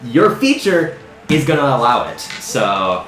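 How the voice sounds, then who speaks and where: A man's voice: mid-range voice, sing-song, unhurried, a bit bright. A man acting as dungeon master, explaining the rules casually, with a few restarts. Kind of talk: running a tabletop game, casual. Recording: roomy echo with music.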